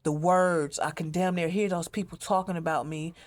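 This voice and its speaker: A woman with a fairly low, steady voice talks at normal speed to the camera in an emotional, rambling monologue. Swearing and often repeating herself, she tells her own story as a mother.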